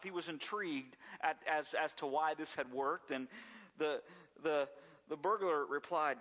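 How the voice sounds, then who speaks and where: A man's voice: a little high, measured pace, fairly bright tone, in a large hall. A man preaching a sermon as pastor, telling stories in a folksy way with frequent restarts and repeated words.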